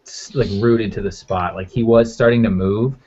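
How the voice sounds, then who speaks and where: A man's voice: fairly low pitch, fairly even intonation, moderate pace, warm tone, husky. A man narrating as game master in a loose, rambling way with lots of fillers. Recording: muffled lo-fi audio.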